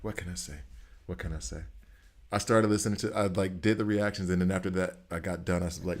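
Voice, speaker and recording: A man's voice: deep voice, fairly even intonation, quick pace, darkish tone. A middle-aged man streaming a game, rambling through opinions and laughing often in casual chat. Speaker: gaming streamer.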